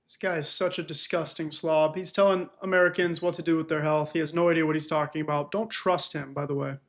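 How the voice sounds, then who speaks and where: High-voiced, sarcastic male commentator. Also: flat delivery, quick pace, noisy background. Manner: sarcastic and mocking. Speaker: political commentator. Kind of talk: video commentary.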